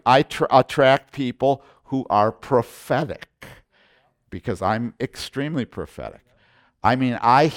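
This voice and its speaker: Intense, emphatic male preacher. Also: medium pitch. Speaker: pastor. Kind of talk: sermon.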